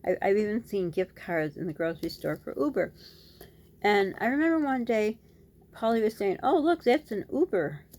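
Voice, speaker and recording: A woman's voice: mid-range voice, moderate pace. A middle-aged woman and mother vlogging, telling a story in a casual, scattered way and talking with her hands. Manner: scattered, talks with her hands, animated retelling. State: dry lips.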